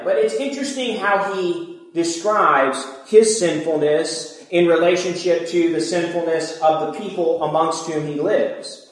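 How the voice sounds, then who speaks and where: High-voiced man preaching in an echoey room. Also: a little slow. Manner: earnest, emphatic preaching with repeated phrases. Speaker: pastor. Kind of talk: sermon.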